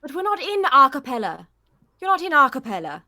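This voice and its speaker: A woman's voice: sits high, very animated, brisk, pushed and bright. A woman speaking in character during a tabletop game, concerned and soothing. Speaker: player. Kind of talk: in-character tabletop role-play.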